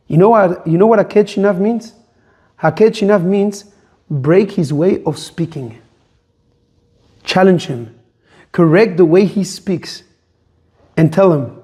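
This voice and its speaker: A rabbi in middle age preaches with fervor, firing off rhetorical questions and sprinkling in Hebrew terms. His voice sits notably high for a man. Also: moderate pace, darkish tone. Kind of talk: sermon.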